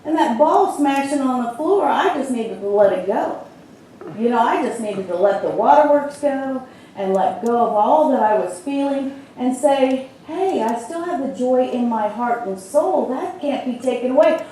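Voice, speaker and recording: A woman's voice: high voice, expressive, normal speed, warm tone, slight background noise. A middle-aged woman minister giving a conversational sermon, telling a personal story with lots of filler words. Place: church sanctuary. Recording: very echoey hall from far off.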